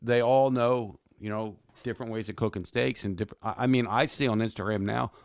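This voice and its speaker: A man, a former fighter and podcast guest, telling animated stories and swearing freely. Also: on the low side, brisk, gravelly, no echo. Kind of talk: casual podcast chat.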